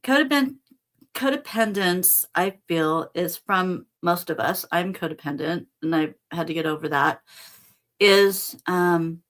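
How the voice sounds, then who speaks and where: A woman's voice: lowish voice, measured pace, a bit bright. A middle-aged woman hosting a casual spiritual talk, speaking earnestly and conversationally and addressing her listeners directly. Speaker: spiritual teacher and host.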